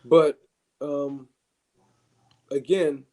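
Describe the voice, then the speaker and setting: A man's voice: on the high side, steady tone, extremely slow, warm tone. A man hosting a live stream, chatting loosely about boxing, with many fillers and restarts.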